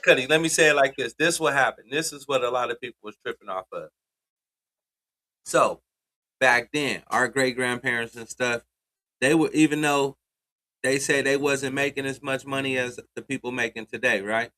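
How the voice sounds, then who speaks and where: A man with an everyday mid-range voice talks through ideas in relaxed, slangy speech on a casual talk show. He gets animated when he pushes a point home. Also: medium pitch, normal speed, low-quality recording. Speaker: co-host. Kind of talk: casual podcast discussion.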